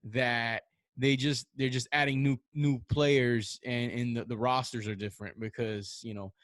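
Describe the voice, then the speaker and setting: A man's voice: medium pitch, fairly even intonation, unhurried, fairly bright tone, no room sound, studio quality. A man hosting a casual podcast chat over an online call, laid-back, with many fillers and restarts. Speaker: podcast host.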